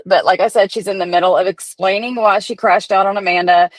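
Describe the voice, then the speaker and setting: A woman's voice: mid-range voice, steady tone, fairly quick, no room sound, poor audio. A woman hosting a profane, chatty commentary stream. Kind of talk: casual gossip commentary.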